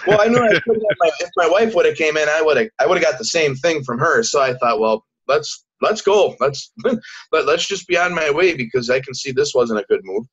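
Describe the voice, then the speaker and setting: A man with a slightly high voice tells his story as a guest in a relaxed interview. He stumbles, repeats words and slips into the voices of the people he quotes. The recording sounds dull and lo-fi. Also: brisk, slightly rough. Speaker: podcast guest.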